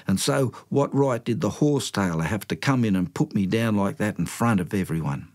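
A man's voice: lowish voice, animated, normal speed, darkish tone. An older man with an Australian accent tells a story from his youth in a colloquial, self-mocking way. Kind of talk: spoken storytelling.

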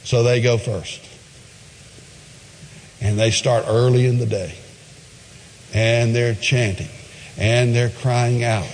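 A man's voice: medium pitch, long reverb tail, a little hiss or hum. Emphatic man preaching a sermon. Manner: emphatic storytelling, retelling a story with asides.

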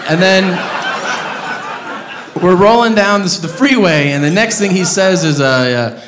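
A man doing stand-up comedy on a club stage, ranting loudly and profanely in animated bursts. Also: high-pitched, a little slow, pauses often, a faint crowd. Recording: roomy club with audience laughter.

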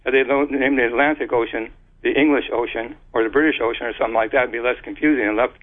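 Heard through a narrow, tinny phone line, a man being interviewed describes his theory with fairly even intonation and a mid-range pitch. He hesitates, restarts frequently, and spells out letters as he goes.

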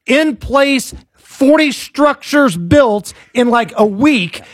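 A man's voice: extremely high pitch, animated, takes it slowly, dry recording. A man hosting a radio show, joking and teasing in casual banter. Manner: joking, teasing, uses "like" a lot. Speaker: radio host.

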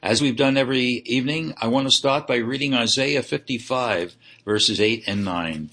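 Husky, bright-voiced male religious host. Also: mid-range voice, moderate pace, few pauses. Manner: earnest, preacher-like, with occasional stumbles. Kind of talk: earnest religious talk.

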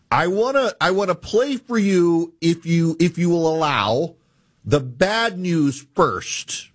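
Male talk host, slightly high, husky, casual commentary, dry close sound. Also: dry recording. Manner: conversational, restarts phrases.

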